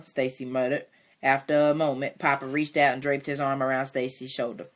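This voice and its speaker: Woman reading aloud, low voice, casual asides. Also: level tone, a little fast. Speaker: reader.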